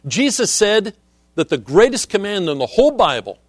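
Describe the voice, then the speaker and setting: A middle-aged man preaching a sermon as a visiting missionary, earnest and measured, often quoting scripture. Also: high-pitched, sing-song, slightly rough, no echo, studio quality.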